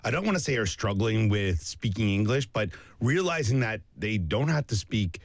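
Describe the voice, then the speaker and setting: A man with a lowish voice talks in a relaxed, agreeable way during a casual group discussion, often restarting his words. The sound is dry and close. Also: normal speed, no room sound.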